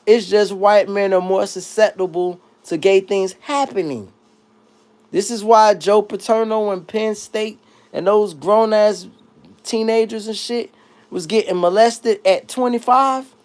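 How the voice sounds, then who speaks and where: Reading viewers' chat comments, a streamer riffs in an easygoing comedic rant. He shifts back and forth between loud high-pitched bursts and low mutters.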